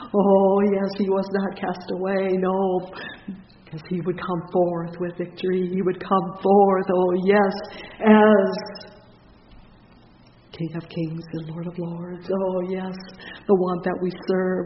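A man preaching a sermon with fervor, punctuating it with "oh, yes" and swinging from loud to soft. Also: high voice. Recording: echoey hall, dull lo-fi sound with faint noise.

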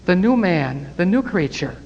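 A man's voice: high-pitched, very animated, moderate pace, long reverb tail, lo-fi sound. A man preaching a Bible study sermon and leading a closing prayer, fervent and breaking into praise. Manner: fervent, rising to exclamations of praise.

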